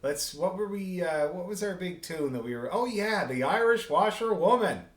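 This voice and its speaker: A man's voice: high-pitched, expressive, moderate pace, reverberant. A man teaching a beginner fiddle class over a video call, chatty and rambling with chuckling asides. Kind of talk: online group music lesson.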